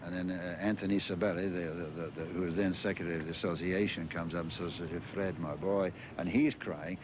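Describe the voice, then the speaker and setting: A man's voice: deep voice, fairly even intonation, a little fast, few pauses. An older English man, a former tennis champion, recalling his career in a rambling interview full of fillers and restarts. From England. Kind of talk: interview reminiscence. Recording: archive interview with clear background noise.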